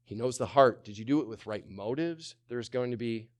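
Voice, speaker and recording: A male pastor preaching a sermon, swinging from loud to hushed, firing rhetorical questions and calling on the congregation to answer. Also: medium pitch, normal speed. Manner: asks many rhetorical questions.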